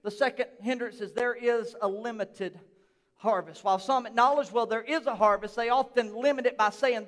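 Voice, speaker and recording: Preacher, man, very high voice, long church reverb, quiet then shouting. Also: normal speed. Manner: swings from quiet talk to shouted emphasis. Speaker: pastor. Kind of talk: sermon. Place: church sanctuary.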